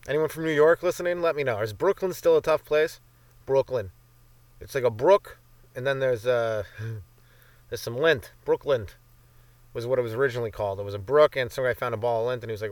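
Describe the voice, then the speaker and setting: A man's voice: mid-range voice, lively intonation, quick pace, no echo. A young Canadian man hosting a comedy podcast, rambling through a profane solo monologue and slipping into silly voices. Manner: profane, jumps between bits and silly voices. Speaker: podcast host.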